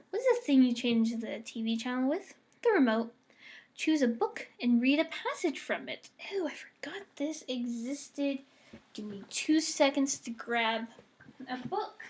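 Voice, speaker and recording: A young woman from the United States in a casual, bubbly vlog, reading words for an accent challenge. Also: sits high. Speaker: vlogger.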